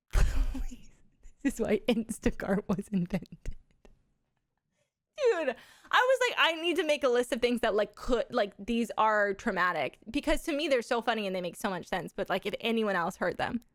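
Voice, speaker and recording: Chatty young mother, animated and dry. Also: fairly high pitch, normal speed, no room sound. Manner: animated storytelling with frequent swearing and laughter. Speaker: livestreamer. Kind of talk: casual chat with viewers.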